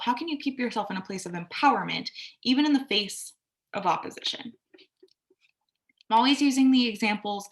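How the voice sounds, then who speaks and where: A woman's voice: on the high side, vocal fry, a bit bright. Candid woman talking through self-care advice. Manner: candid, conversational, swears casually and acts out quoted voices. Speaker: astrology and self-care podcaster. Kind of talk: reflective casual monologue.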